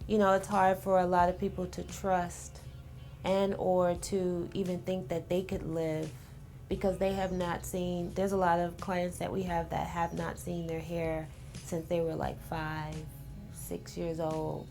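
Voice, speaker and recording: Lady natural-hair stylist, kinda hesitant, lots of ums, gravelly low voice, faint music. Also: level tone, a little slow, mellow. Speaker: natural hair care specialist. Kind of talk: casual panel conversation.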